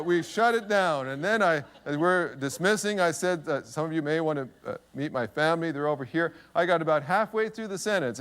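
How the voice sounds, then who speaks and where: A man's voice: sits high, fairly bright tone. A middle-aged pastor preaching a sermon, telling a story with humor at his own expense. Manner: humorous, self-deprecating storytelling.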